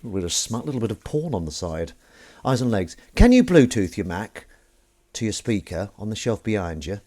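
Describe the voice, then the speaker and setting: Young male stream host, casual chat, animated delivery. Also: lowish voice, a little fast. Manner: chatty, self-mocking, reads chat aloud. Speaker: livestream host. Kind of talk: casual chat while washing up.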